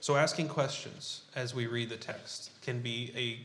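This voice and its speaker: A man's voice: mid-range voice, steady tone, a bit bright, slight background noise. Man preaching in an echoey room. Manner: unhurried, halting with frequent fillers. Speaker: pastor. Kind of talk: sermon with group scripture reading. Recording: roomy echo.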